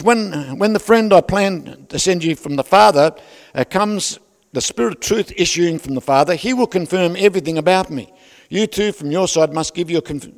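A man preaching a sermon, conversational with joking asides to the congregation. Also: sits high. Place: large church hall. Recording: long reverb of a large hall.

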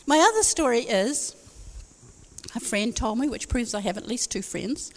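A woman's voice: a little high, lively intonation, normal speed, slight background noise. A woman preaching a sermon, telling stories in a conversational way with wry asides. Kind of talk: sermon with storytelling. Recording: long hall reverb.

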